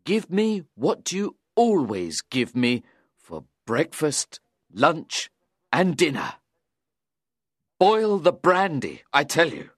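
A man voicing a drunken, unsteady young man who shouts and insists. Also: a little high, wildly swooping pitch, slow, dry recording, clean studio sound, pitched above the performer's own voice, full character voice. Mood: insistent.

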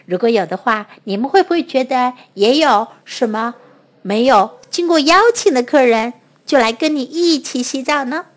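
A woman whose first language is Mandarin Chinese, teaching English to children and repeating each phrase slowly. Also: high-pitched, expressive. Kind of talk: bilingual lesson for children.

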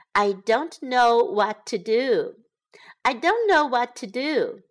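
A woman teaching English phrases from a children's story, explaining each one and repeating it slowly. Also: on the high side, a bit bright. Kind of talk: language lesson.

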